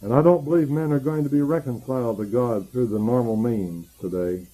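A man preaching a sermon, earnestly building emphasis and then dropping low and quiet to tell a personal story. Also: brisk, rough recording.

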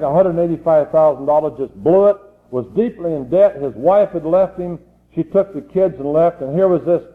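A man, an evangelist preaching a sermon and telling a story, pressing hard and building to fervent pleas. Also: a little high. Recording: tinny phone-like old recording.

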